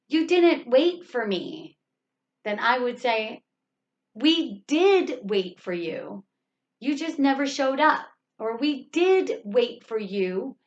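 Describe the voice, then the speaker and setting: A woman teaching an English grammar lesson, reading example sentences slowly and leaning hard on the stressed words. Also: a little high. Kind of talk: slow, deliberate grammar lesson. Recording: dull, lo-fi recording.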